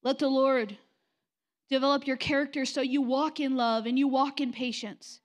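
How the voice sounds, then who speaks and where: Woman pastor, middle-aged, high voice, blunt confrontational sermon delivery in a church. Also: little pitch movement, moderate pace. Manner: direct, confrontational preaching with mocking quoted voices. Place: church sanctuary.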